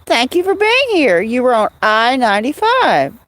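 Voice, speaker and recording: A woman's voice: high voice, huge pitch swings, normal speed, a bit bright, no room sound. A middle-aged woman, hosting a casual livestream from her rural home and answering viewers by name. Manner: chatty, drawling, answers chat by name. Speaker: livestream host.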